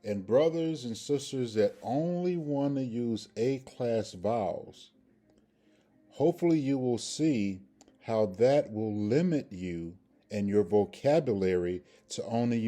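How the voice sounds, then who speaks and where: Slow, low-voiced man teaching grammar. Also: lively intonation, dark tone. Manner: slow, repetitive, checks in with "okay" and "all right". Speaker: Hebrew language teacher. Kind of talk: screen-share grammar lesson.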